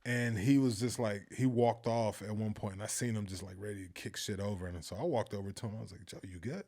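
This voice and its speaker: A man talking casually in an interview, telling lively anecdotes, acting out the voices of the people in them and laughing often. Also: fairly low pitch, fast talker. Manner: animated storyteller, acts out quoted voices, laughs often. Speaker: filmmaker guest.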